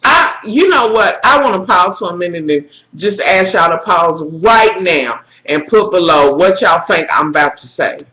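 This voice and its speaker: A woman telling a profane, dramatic story to her viewers, swinging between shrill squeals and low mutters. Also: expressive, normal speed, few pauses, sharp tone, echoey room, poor audio. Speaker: vlogger. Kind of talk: profane storytelling rant to camera.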